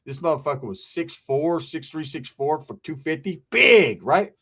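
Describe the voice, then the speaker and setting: Man, from california, profane storyteller, animated, slightly high voice. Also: moderate pace, slightly rough. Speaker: guest recounting his past. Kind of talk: casual storytelling.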